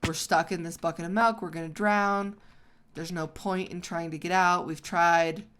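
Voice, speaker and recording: A woman voicing a gloomy, hopeless frog from a fable, in a quick, defeated tone. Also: on the low side, fairly even intonation, fairly bright tone, clean tone, close to an everyday voice. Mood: despairing.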